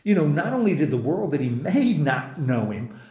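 A man's voice: fairly high pitch, sing-song, moderate pace, dark tone, roomy sound, lo-fi sound. A man leading a church Bible study, talking casually and quizzing the group, with frequent restarts. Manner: conversational, many restarts, asks the group questions. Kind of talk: informal Bible study class. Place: church meeting room.

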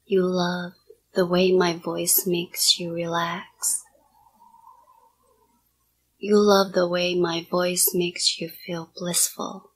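Woman hypnotist, whispered role-play: low, flat, breathy delivery of soft, repetitive commands. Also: takes it slowly, pauses often, slight background noise.

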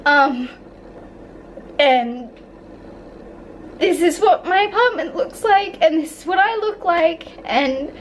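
Woman, at-home vlogger, high voice, candid and rambling, swears a lot, faint room hum. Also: expressive, takes it slowly, pauses often, rough recording. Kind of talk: casual vlog chat to camera. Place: at home in an apartment.

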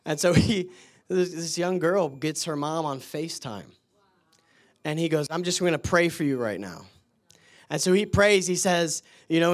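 A man preaching in church, telling excited stories with frequent laughter and then praying over the people. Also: high voice, a little slow. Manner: laughs often, excited storytelling. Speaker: guest preacher. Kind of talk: sermon storytelling and prayer.

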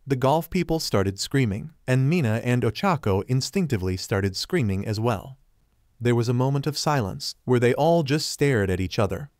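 A man narrating a fanfiction story in an even storybook reading manner. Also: mid-range voice, normal speed, no echo, studio quality.

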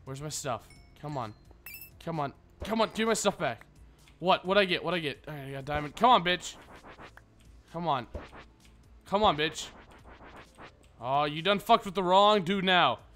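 Man trash-talking his game in high pitch. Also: expressive, moderate pace, pauses often, fairly bright tone, faint music behind. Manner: profane trash talk at game enemies. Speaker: gaming video host. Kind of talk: casual let's play commentary.

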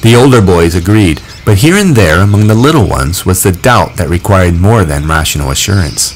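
A man reads a novel aloud in a low voice, measured yet expressive. His pitch moves widely to shape the story. Faint birdsong and crickets drift under the narration. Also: slight background noise, rough recording. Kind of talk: audiobook reading.

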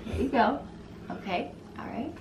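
Giggly woman with a lively voice. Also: a little high, moderate pace, gravelly, roomy sound, noisy background. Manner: cheerful, giggly, coaxing a child. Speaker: vlog co-host, mother. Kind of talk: casual family vlog chat. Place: outdoors on a home porch.

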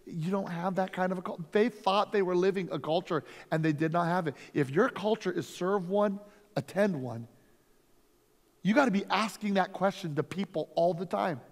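A man's voice: high-pitched, normal speed. Reverberant, storytelling male pastor. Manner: storytelling, energetic, emphatic. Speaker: lead pastor. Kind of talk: conference workshop teaching. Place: conference workshop room. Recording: long reverb from a hall.

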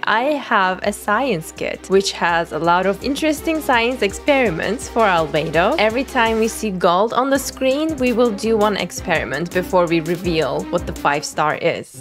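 A young woman streamer giving excitable commentary on her game pulls, pleading and squealing as the results come in. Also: medium pitch. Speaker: gaming content creator. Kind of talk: excited gacha-pull commentary.

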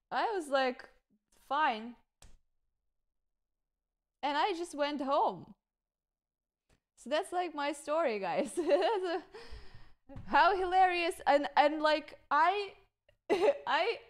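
A woman streamer with a high voice tells a story at an unhurried pace in casual chat. She rambles through filler words, swears freely and keeps breaking into laughter.

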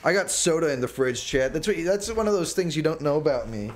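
A young man livestreaming a game, chatting to his viewers in a rambling way and bursting into mock-outraged shouts. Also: a little high, expressive, brisk. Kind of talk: casual gaming livestream chat. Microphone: desk microphone.

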